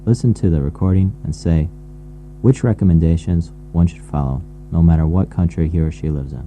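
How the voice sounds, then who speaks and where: A man reading textbook task instructions in a formal, deliberate way. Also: low voice, dark tone, slight background noise, low-quality recording. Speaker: course announcer.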